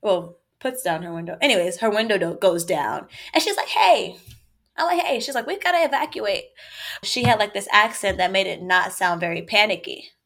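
A young woman telling a personal story over a relaxed chat. Her voice sits at an ordinary middle pitch and she talks in a loose, animated way, tossing in quick asides and bursts of laughter. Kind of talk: casual story time.

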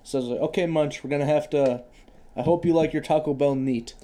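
A man's voice: on the high side, fairly quick, mellow. A young man co-hosting a casual podcast chat, laughing often, swearing a lot and stumbling on repeated k- sounds. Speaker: podcast co-host.

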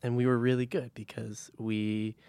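A man's voice: medium pitch, level tone, moderate pace, warm tone, clear, resonant tone, dry recording. A young man co-hosting a sports talk show in casual chat, joking and telling stories with energy. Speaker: podcast co-host.

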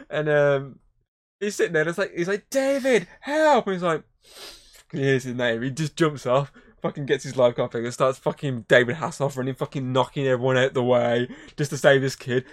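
This co-host's voice sits in the mid-range, steady in tone and a little fast. Chatting casually on a podcast, he rambles and curses a lot as he recounts movie scenes, doing voices for them.

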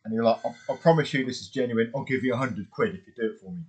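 A man's voice: medium pitch, quick pace, slightly rough. A man co-hosting an unedited podcast, chatting casually, swearing and telling stories with silly voices. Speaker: podcast co-host. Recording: unedited home podcast mic.

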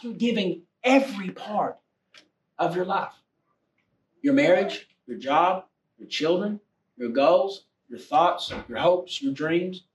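A man preaching a sermon to a congregation, swinging between loud exhortation and low, confiding tones. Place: church room with a congregation. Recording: echoey room, heard from a distance.

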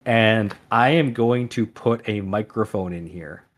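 A man reading the lines of a suspicious night-shift police officer in a plain low voice. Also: unhurried. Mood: sly. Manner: scheming, matter-of-fact.

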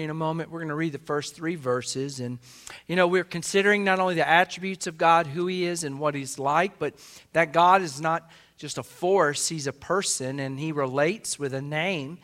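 A middle-aged pastor with a drawl preaches in a church, his voice pitched a touch high for a man. He builds steadily and leans hard on the key phrases, booming them out to the congregation. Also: fairly bright tone. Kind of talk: sermon. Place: church sanctuary.

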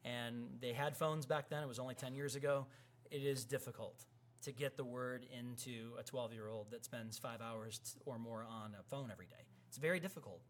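A man's voice: medium pitch, a little fast, slight background noise. A man in his thirties, a pastor preaching a sermon and acting out quoted voices. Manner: animated, acts out quoted voices.

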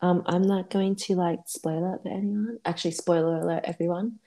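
A chatty Australian woman with a low, mellow voice, talking loosely and laughing often. She slips in casual swearing as she rambles through a podcast chat. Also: fairly even intonation, fairly quick. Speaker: podcast co-host.

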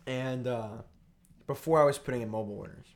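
A young man co-hosts a casual podcast, spinning an absurd story with a straight face and mock gravity. His voice sits at an ordinary middle pitch, and the talk is loose and joking. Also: a little fast. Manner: deadpan mock-serious storytelling. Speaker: podcast co-host.

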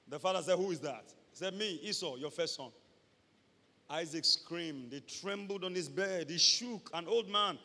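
A man with a Nigerian accent preaching a sermon, acting out scenes and breaking into loud shouts. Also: high voice, normal speed. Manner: dramatic, acts out scenes, switches to loud shouts. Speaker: pastor. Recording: echoey hall with long reverb.

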